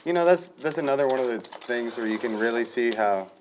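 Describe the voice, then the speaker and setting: A man's voice: medium pitch, expressive, a little fast, a little hiss or hum, low-quality recording. Joking man at a poker table. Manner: joking, teasing. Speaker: poker stream commentator. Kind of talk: casual table banter. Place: card room at a poker table.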